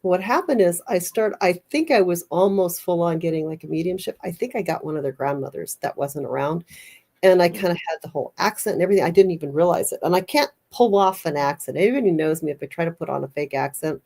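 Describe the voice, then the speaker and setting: Female podcast host, lower register, casual rambling storyteller, lots of restarts. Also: fast, a little mellow. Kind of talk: casual chat.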